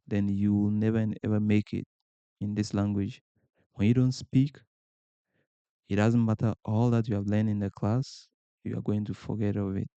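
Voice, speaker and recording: A man's voice: lowish voice, dark tone, clear, resonant tone, no echo, highs cut off. A man hosting a language-learning podcast who gives informal advice, asking rhetorical questions and answering them himself. English is not his first language. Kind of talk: informal advice talk to camera.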